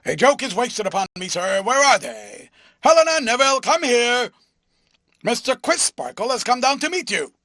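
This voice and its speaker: A man voicing a loud, overbearing, pompous male philanthropist in an audiobook reading. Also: lively intonation, unhurried, no room sound, studio quality, exaggerated voice. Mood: pompous booming. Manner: booming, ferocious, self-important.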